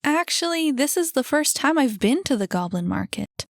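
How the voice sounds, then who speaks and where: A woman's voice: high-pitched, big pitch swings, moderate pace, vocal fry, dry recording, studio quality, voice pushed up, exaggerated voice. A woman voicing an eager young goblin woman. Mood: hesitant.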